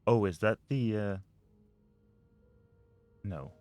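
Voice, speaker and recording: A man's voice: fairly low pitch, takes it slowly, a little mellow, soft background music. A man playing a mystery video game, reading notes and letters aloud and muttering over the puzzles. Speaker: let's play gamer.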